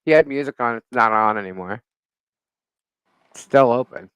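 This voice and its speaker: A man's voice: medium pitch, normal speed, smooth, no room sound, lo-fi sound. A middle-aged man co-hosting a live talk show, telling a neighbor story in casual chat, laughing often and cursing freely. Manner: animated storyteller, frequent laughter, swears. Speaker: podcast co-host.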